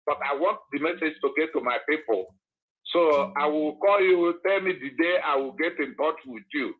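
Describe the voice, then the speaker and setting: Male caller, unwell, slightly high voice, tinny phone audio. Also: moderate pace. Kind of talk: call-in conversation.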